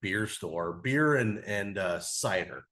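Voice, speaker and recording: A man's voice: on the low side, expressive, takes it slowly, a bit bright. A man in his forties, a podcast guest, telling a travel story in a loose, rambling way full of "like" and casual swearing. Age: 40s. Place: cigar podcast studio.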